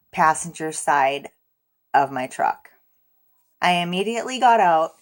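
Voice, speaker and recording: A young woman vlogger telling a story in an unhurried drawl, cursing constantly and poking fun at herself. Her voice sits on the low side for a woman. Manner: profane, self-mocking, chatty. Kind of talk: casual storytime.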